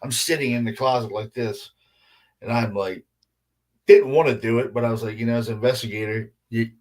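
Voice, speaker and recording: A man's voice: medium pitch, fairly even intonation, brisk, a little mellow. A man hosting a podcast in casual chat, emphatic and heavy on swearing and exclamations. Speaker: podcast host.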